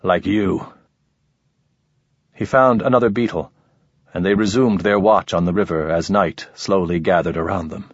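A low, husky male narrator reads a story in a measured, even way. The recording is dry and a little dull. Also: no room sound. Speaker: audiobook narrator. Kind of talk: scripted narration.

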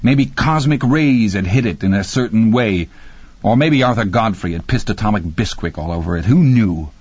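A man's voice: lowish voice, animated, moderate pace, a little mellow, breathy edge, no room sound, highs cut off. A man voicing a frightened but sardonic bookish teenage boy. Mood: shaken wry. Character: shaken bookish teenage boy, wry and nervous.

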